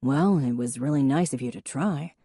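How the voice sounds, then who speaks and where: A woman voicing an easygoing, kind adult man in a low, calm voice. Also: normal speed, slightly rough, no room sound, studio quality, heavily acted.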